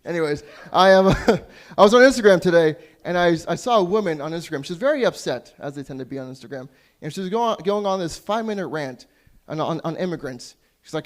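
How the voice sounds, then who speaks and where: On a small comedy club stage, a young Canadian man does open mic stand-up, crude and self-deprecating, now and then losing track of his jokes. His voice is a little high, expressive, and brisk.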